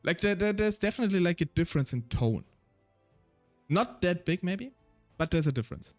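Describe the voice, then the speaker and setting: A native German-speaking man with a German accent talks on his stream in a rambling, self-deprecating way. His voice sits a bit high for a man. Soft music plays faintly under him. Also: animated, a little fast. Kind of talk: casual solo stream chat.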